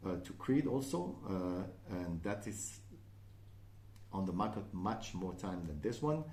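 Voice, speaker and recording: A man's voice: low-pitched, lively intonation, unhurried, darkish tone, echoey room. A man with a French accent, a native French speaker, chatting casually in a perfume review and often checking in with "okay?". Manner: chatty, frequent "okay?" and "uh" fillers.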